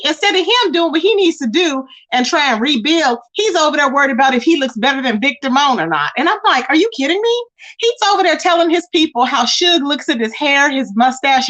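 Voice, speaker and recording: A woman hosting a live stream, chatting casually with viewers and mocking a rival in an animated way. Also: sits high, fast talker. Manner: animated and mocking, addressing chat as y'all. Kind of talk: casual gossip commentary.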